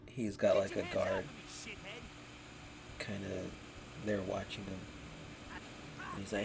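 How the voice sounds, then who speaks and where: A man with a low, gravelly voice rambles through a casual podcast review. He swears freely and leans on fillers. Steady background noise sits behind him. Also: normal speed, long pauses. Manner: rambling, profane, lots of fillers. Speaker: podcast host. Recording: noisy background.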